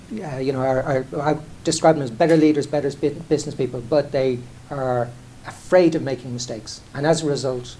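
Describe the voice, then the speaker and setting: A mellow, mid-range voice belongs to a middle-aged Irishman who runs an airline, telling self-deprecating stories candidly on stage in a conversational way. His talk is full of restarts and "you know", with slight background noise.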